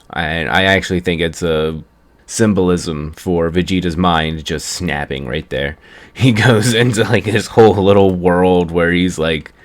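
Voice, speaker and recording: A young man casually recapping an anime episode in a rambling way, chuckling at the story as he goes. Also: sits low. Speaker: anime reviewer.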